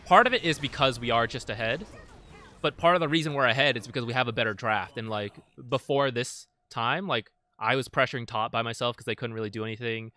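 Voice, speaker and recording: Walking through recorded matches in a conversational way, this man breaks down team fights for his guide and leans heavily on fillers. His voice sits at medium pitch, sounds pushed and bright, and moves quickly, with no echo.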